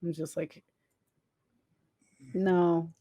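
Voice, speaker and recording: A man's voice: fairly high pitch, level tone, extremely slow, mellow, dry recording. A man co-hosting a casual comedy podcast, telling rambling, self-mocking stories with plenty of swearing. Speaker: podcast co-host.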